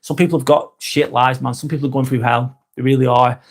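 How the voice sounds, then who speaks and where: A man's voice: mid-range voice, fairly even intonation, brisk. A man hosting a live vlog, talking frankly and earnestly, swearing often and restarting his sentences. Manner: earnest and sympathetic. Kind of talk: casual live-stream chat.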